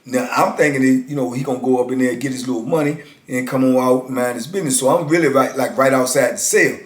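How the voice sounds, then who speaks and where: A man's voice: medium pitch, fast talker, echoey room. A man in his fifties casually telling a story in a laid-back, slangy way, peppered with "you know.".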